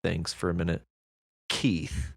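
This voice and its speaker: A woman's voice: very deep voice, slow pace, vocal fry. A woman co-hosting a podcast, chatting casually and jokingly about a story, playing with words. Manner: animated, joking, playful with words. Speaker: podcast co-host.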